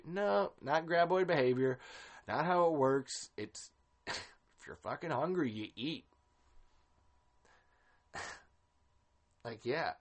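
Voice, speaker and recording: A man's voice: a little high, takes it slowly, long pauses. A man hosting a casual film commentary podcast, ranting with exasperation and swearing freely. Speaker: podcast host.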